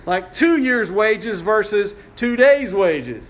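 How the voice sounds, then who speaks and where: A man's voice: high voice, lively intonation, slow. A male pastor preaching a sermon, retelling a story conversationally with frequent restarts.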